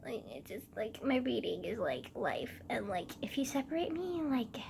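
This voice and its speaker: A woman's voice: a little high, big pitch swings, moderate pace, vocal fry, darkish tone, a little hiss or hum. A young woman rambling in a casual vlog, self-mocking and swearing often, with lots of fillers. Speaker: vlogger.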